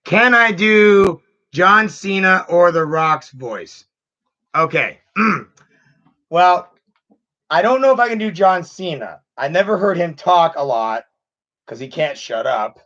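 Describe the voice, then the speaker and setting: Slow-talking man in his thirties, high voice. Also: expressive, bright, forceful tone, lo-fi sound. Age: 30s. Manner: rambling, with frequent restarts. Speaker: channel host. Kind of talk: casual live Q&A chat.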